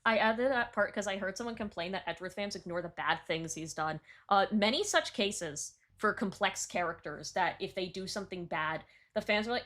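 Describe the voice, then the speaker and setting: A woman talks casually on a live stream, reviewing song lyrics with excited, rambling commentary. Her speech is full of fillers and quick restarts. Her pitch sits mid-range for a woman. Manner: chatty and excitable, frequent "like" and restarts.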